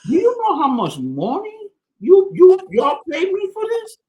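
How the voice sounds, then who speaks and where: A man putting on a calm Puerto Rican sailor. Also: very high-pitched, lo-fi sound, voice pushed up, exaggerated voice. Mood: unbothered. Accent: Puerto Rican Spanish accent put on. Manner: slow, matter-of-fact, unbothered.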